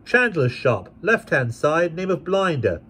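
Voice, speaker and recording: A man's voice: on the high side, big pitch swings, unhurried, fairly bright tone, a little hiss or hum, pitched above the performer's own voice. A man voicing a surly boy at a gate who answers bluntly and curtly. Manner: blunt, curt.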